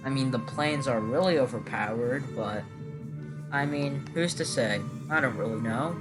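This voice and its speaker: A man's voice: mid-range voice, normal speed. Guy rambling over his game footage, lots of ums and so yeahs, music blasting in the background. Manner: rambling and hesitant, many fillers. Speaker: gaming channel host. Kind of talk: casual gameplay commentary.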